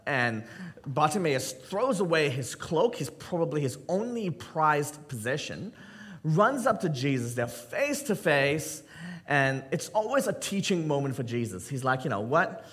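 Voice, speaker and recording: A man's voice: fairly high pitch, very animated, fairly bright tone. A man pastor preaching a sermon, joking with the congregation and acting out Bible scenes and everyday skits. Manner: addresses the congregation with quick asides.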